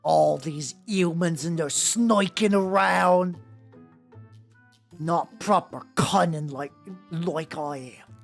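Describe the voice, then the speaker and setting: A man voicing a menacing, goofy male orc in a put-on rough British accent with a slow drawl. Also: on the high side, soft background music.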